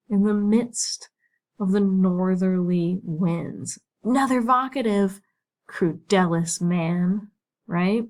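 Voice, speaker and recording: A woman's voice: fairly high pitch, darkish tone, rough recording. A woman teaching Latin, talking through the text casually and thinking aloud, with many "right?" and "like" fillers.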